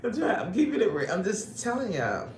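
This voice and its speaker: A woman's voice: medium pitch, sing-song, a little fast, darkish tone. A woman fitness coach hosting a livestream, reading the chat aloud and joking brashly in streetwise slang. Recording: echoey room with faint ambient noise.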